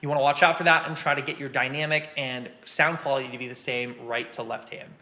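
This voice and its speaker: A man's voice: mid-range voice, fairly even intonation, fast. A man giving a casual drum lesson, explaining rudiments step by step and counting beats aloud. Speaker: drum teacher. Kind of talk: casual instructional talk. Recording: loud drum and click noise behind. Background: snare drumming and metronome clicks.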